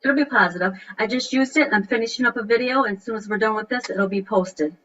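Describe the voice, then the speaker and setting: Woman, fairly high pitch, brief affirming replies, lo-fi audio. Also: fast talker, fairly bright tone, distant mic.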